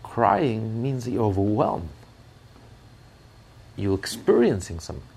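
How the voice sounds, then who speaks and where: Gravelly man preaching with passion. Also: fairly low pitch, very animated, a little slow, a little mellow. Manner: impassioned, with repeated restarts. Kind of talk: sermon.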